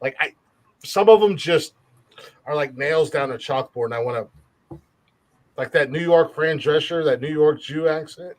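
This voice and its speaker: A man's voice: fairly high pitch, moderate pace, pauses often. A man hosting a comedy podcast, swearing freely and laughing often. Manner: profane, laughs often, repeats words for jokes. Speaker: podcast host. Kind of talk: crude comedic banter.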